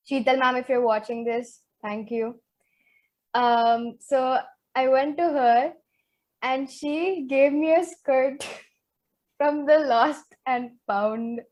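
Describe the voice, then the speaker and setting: A teenage girl with a bright, high voice tells stories in a casual podcast chat. She acts out what everyone said, full of drama. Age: teens. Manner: animated, dramatic retelling with quoted voices. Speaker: podcast co-host.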